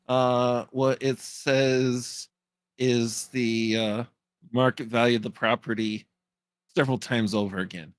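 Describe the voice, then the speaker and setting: A man in casual podcast chat who speaks haltingly, pausing with frequent uhs to find his words. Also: medium pitch, fairly even intonation, no room sound. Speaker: podcast co-host.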